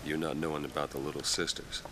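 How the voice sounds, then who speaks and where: An actor voicing a gruff, world-weary male detective who talks in a blunt, probing way. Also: rumbling low, little pitch movement, quick pace. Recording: game audio with background noise.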